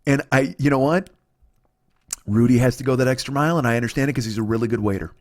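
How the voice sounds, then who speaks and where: A man's voice: mid-range voice, fast talker. A man in his forties, a comedian telling a long exasperated story, ranting and swearing freely. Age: 40s. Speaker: comedian, podcast host.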